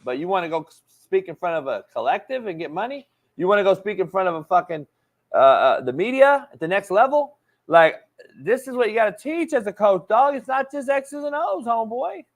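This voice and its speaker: A man hosts a sports talk show in a blunt, profane, emphatic way, sounding like the football coach he is. His voice is slightly high and swings widely up and down as he pushes his points. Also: sing-song, fairly quick.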